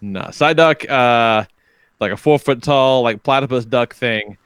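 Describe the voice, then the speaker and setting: A man's voice: medium pitch, measured pace, a bit bright, clean tone, no echo, studio quality. A middle-aged man hosting a podcast, telling profane stories and laughing often in casual chat. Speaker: podcast host.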